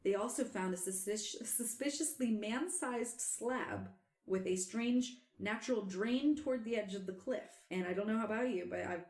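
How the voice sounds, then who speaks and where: A woman hosting a podcast, telling a story in casual chat, animated and quick to laugh. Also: medium pitch, roomy sound. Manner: animated, laughs often, trails off and restarts. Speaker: podcast host.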